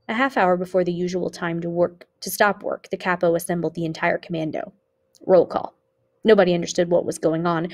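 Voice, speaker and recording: A woman teacher reads a memoir aloud to her students in a low, gravelly voice, fairly quickly but steadily and clearly. She reads expressively, rising on exclamations and going quiet at grim moments.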